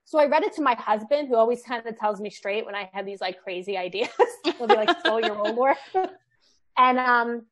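A woman in her thirties, a mother and book author, telling stories in a casual, animated way full of "like" fillers. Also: a little high, fairly quick, a loud crowd. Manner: animated storyteller, lots of "like" fillers. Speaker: guest, children's book author. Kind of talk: casual podcast chat.

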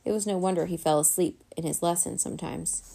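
A woman reading a children's chapter book aloud in a gentle, even storytelling manner. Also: on the low side, quick pace, creaky. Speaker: storybook reader.

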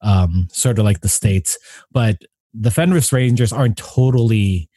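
A man hosting a casual chat, animated and often laughing as he acts out his reactions. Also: fairly low pitch, a little slow, husky, no room sound, studio quality. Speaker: podcast host.

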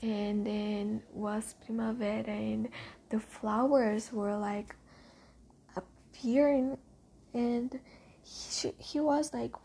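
A woman casually retelling a book's story, halting and searching for words, half whispering and swearing now and then. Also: medium pitch, steady tone, gravelly, a little mellow, slightly rough. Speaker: reader retelling a book.

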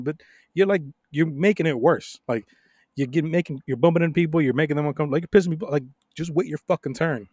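A young adult man co-hosting a podcast, telling stories in a casual, profane, animated way with frequent laughs. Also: a little high, fast talker, husky, no room sound, clean studio sound. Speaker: podcast co-host.

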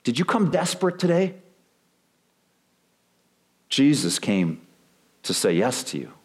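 A male pastor preaching a sermon, animated, acting out quoted excuses with big swings in his voice. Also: medium pitch, slow pace. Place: church sanctuary.

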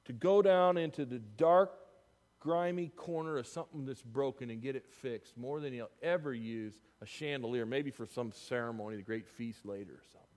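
A man preaching a sermon, telling a story to his congregation, with loud bursts and hushed asides. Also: mid-range voice, normal speed, big-room sound. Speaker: pastor. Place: church sanctuary.

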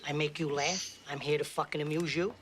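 An actor playing a hot-tempered mobster who swings from joking to menacing, swearing heavily. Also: male voice, fairly high pitch, steady tone, a little fast, lightly acted. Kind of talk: film dialogue.

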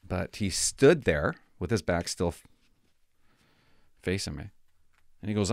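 An older retired policeman rambles through memories of his old postings, his voice lively and swooping as he tells them. He drifts from booming asides to near-whispers and back again. The sound is dry and close, with no room echo. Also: a little slow, creaky, long pauses. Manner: rambling, candid, drifts between loud and hushed. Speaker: retired police officer telling stories. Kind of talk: casual storytelling to viewers.

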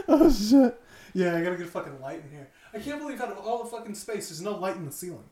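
A man's voice: high-pitched, sing-song, a little fast, dark tone, reverberant. A man hosting a casual podcast from a dim room in his old house, joking crudely and swearing freely. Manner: profane, jokey, tells army stories. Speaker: podcast host.

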